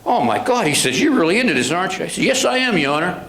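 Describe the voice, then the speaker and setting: An older man, a police sergeant, talks to a club audience. He retells old exchanges with judges and attorneys, acting out each of their voices. His voice sits a little high, and the room gives it a clear echo. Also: big pitch swings, fast, fairly bright tone. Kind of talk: anecdotal storytelling talk. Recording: echoey room.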